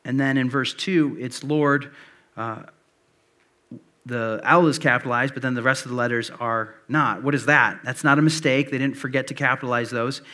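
A man in his thirties preaches a sermon, and it comes out like an easygoing chat, full of small fillers and restarts. His voice is bright and forward, with an ordinary middle pitch. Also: fairly even intonation, normal speed. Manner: conversational storytelling with many fillers. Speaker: pastor.

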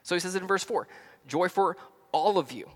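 A man from the American South with a Southern accent, preaching a sermon as pastor, stressing words loudly, dropping to quiet asides, and often restarting phrases. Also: high voice, a little fast, long reverb tail. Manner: emphatic, swings between loud stresses and quiet asides.

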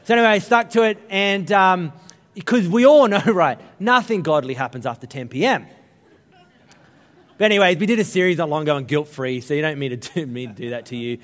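A man's voice: a little high, a little fast, a bit bright, in a large hall. A man in his thirties, a pastor giving a conversational, humorous sermon with stories. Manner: conversational, humorous storytelling preaching.

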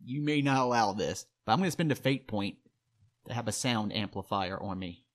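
A man's voice: fairly low pitch, brisk. A man playing a tabletop role-playing game, speaking casually and carefully asking about the rules. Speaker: player.

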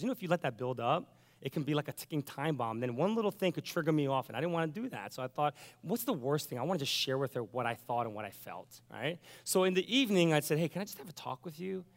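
A man's voice: medium pitch, long reverb tail. A pastor telling a personal story in a sermon, acting out his own thoughts and the lines of others as he goes.

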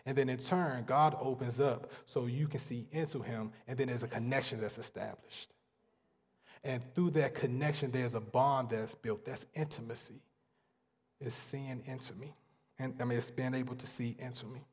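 A man preaching a sermon, earnest and emphatic, pausing and repeating phrases to drive points home. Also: medium pitch, fairly even intonation, slightly rough. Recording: long hall reverb.

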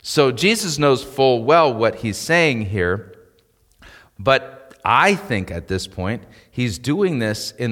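A male pastor delivers a sermon in a relaxed, conversational way, now and then building to emphatic peaks. His voice sits in an ordinary middle pitch. The sound carries a long reverb, like a church sanctuary. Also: slow.

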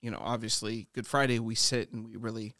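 Middle-aged man telling lively stories. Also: on the low side, a little fast, no room sound, studio quality. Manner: animated storyteller, warm laughs, fillers like "uh". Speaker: pastor and podcast host. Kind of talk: casual conversation.

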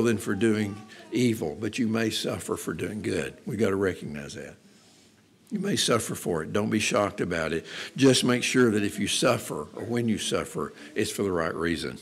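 A man preaching a sermon in an earnest, conversational way, repeating phrases for emphasis. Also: medium pitch. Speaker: pastor.

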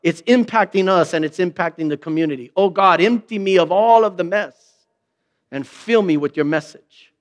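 A man's voice: high-pitched, moderate pace. A man preaching a sermon in a conversational way, asking rhetorical questions and acting out quoted remarks in mock voices. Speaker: pastor.

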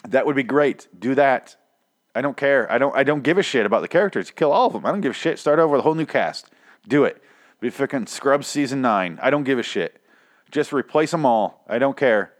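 A man hosting a casual show, rambling and swearing with exasperation, his voice hoarse and nearly shot. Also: mid-range voice, lively intonation, brisk. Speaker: podcast host. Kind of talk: casual rant about a TV show.

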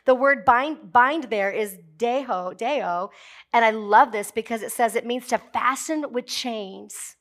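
High-voiced woman pastor preaching with force. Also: measured pace, fairly bright tone. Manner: emphatic, declaring lines with rising force; jokey asides to the congregation. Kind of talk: sermon.

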